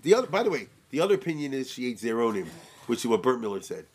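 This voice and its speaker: Male Torah teacher, informal class, animated, keeps checking in with rhetorical questions. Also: mid-range voice, racing, a little hiss or hum.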